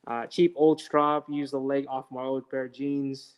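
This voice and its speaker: A man's voice: mid-range voice, level tone, unhurried, smooth. A man co-hosting a live knife sharpening stream, reading out viewer questions and agreeing often, with plenty of "uh" and "um". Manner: hesitant, lots of "uh" and "um", agreeable. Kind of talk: casual live-stream chat. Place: knife shop.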